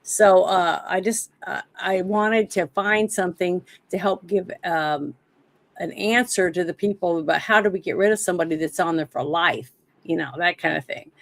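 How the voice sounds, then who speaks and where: Gravelly-voiced woman livestream host, halting. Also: on the low side. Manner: halting, many fillers and restarts. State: dry throat, coughing. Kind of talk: casual political commentary.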